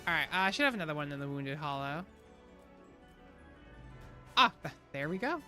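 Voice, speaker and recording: A woman streams a game and chats with her viewers in a casual, excitable ramble. Her voice is bright and forceful, and her pitch swings widely. Faint game music plays behind her. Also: moderate pace. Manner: chatty and excitable, rambling asides. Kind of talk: casual live-stream chat while gaming.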